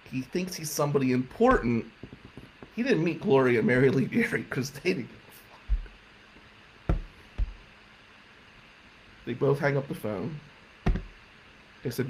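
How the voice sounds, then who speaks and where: Animated, bright-voiced male storyteller. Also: fairly high pitch, a little hiss or hum. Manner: animated, profane, incredulous. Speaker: stand-up comedian. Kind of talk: comic storytelling.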